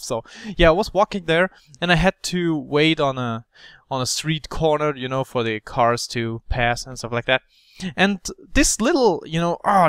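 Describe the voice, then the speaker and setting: A man's voice: a little high, smooth, dry recording. Young male gaming commentator; rambling, filler-heavy storyteller with a clean, close sound. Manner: rambling, animated, with many fillers. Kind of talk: casual storytelling over gameplay.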